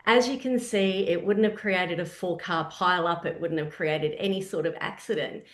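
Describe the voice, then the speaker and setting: A woman's voice: on the low side, moderate pace, roomy sound. A woman from Australia with an Australian accent, telling a personal story while presenting a webinar in a conversational way. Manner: conversational storytelling, animated asides.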